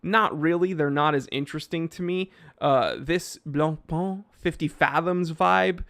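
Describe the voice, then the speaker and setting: Chatty, animated man hosting a live stream. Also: fairly high pitch, measured pace, gravelly. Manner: animated, reads viewer names aloud, frequent fillers and restarts. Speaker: livestream host answering chat. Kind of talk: casual live chat. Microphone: microphone he sometimes bumps.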